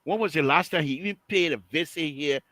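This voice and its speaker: A man hosting a call-in radio show, teasing and animated, laughing often. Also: on the high side, fast, dry recording. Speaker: radio talk show host. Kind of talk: casual call-in radio banter. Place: radio studio.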